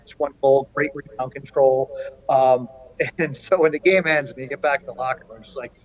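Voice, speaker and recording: A middle-aged man, a college hockey coach, telling an animated story in an interview, with plenty of ums and restarts. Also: mid-range voice, moderate pace, highs cut off. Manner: animated anecdote-telling with frequent fillers.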